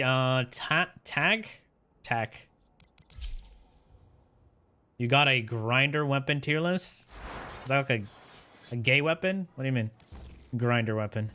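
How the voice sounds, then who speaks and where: Bright, crisp-voiced male game streamer. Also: mid-range voice. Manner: rambling, self-mocking, talks to chat. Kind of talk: casual game livestream chat.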